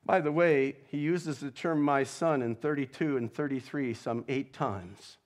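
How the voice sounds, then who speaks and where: A male pastor delivering a sermon in a measured, reflective way, reading quotations with feeling. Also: medium pitch. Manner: slow, measured preaching with dramatic readings of quotes.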